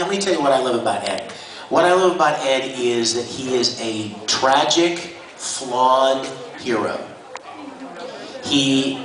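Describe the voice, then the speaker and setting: Recorded from far away on an audience member's handheld camera, this noisy clip comes from an echoey hall. A voice actor guest at a convention panel, mid-range and a bit bright in tone, shares stories eagerly and laughs a lot.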